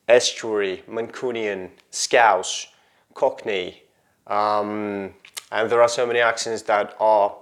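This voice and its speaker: A man hosting an online video tutorial as an English pronunciation teacher, speaking to viewers in a chatty, storytelling way. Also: fairly low pitch.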